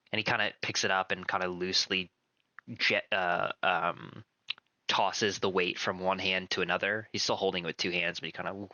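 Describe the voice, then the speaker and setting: Bright-voiced man running a tabletop game. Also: deep voice, normal speed, no room sound. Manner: descriptive, relaxed, filler-heavy narration. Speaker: game master.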